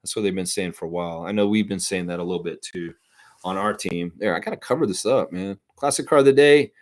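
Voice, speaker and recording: A man's voice: deep voice, fast talker. A man hosting a casual live stream, chatting loosely and reading viewer comments aloud. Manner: chatty, reads chat aloud, sings snatches of songs.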